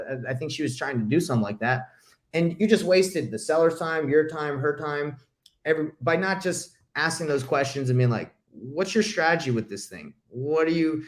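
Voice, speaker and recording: A man hosting a casual coaching call over video, talking bluntly and emphatically and calling his listeners bro. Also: fairly high pitch. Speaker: real estate investing coach hosting a call.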